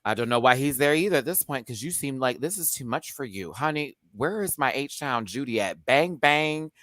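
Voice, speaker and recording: A man co-hosting a live TV review, talking casually and theatrically, jumping from low murmurs to shrieked punchlines. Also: animated, fairly quick, a bit bright. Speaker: co-host of a live review show.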